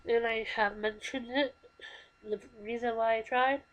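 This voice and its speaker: A woman in her twenties speaking to her camera in a halting, earnest, emotional way, telling a personal story. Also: on the high side, fairly even intonation, fairly bright tone, poor audio. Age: 20s. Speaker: vlogger. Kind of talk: confessional personal talk to camera. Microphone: computer microphone.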